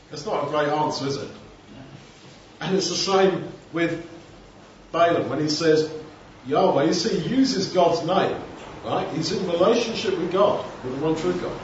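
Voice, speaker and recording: A man's voice: fairly high pitch, moderate pace. A man preaching a conversational sermon, asking rhetorical questions and acting out little scenes from the text. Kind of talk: expository sermon. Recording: distant, echoey, dull, noisy hall.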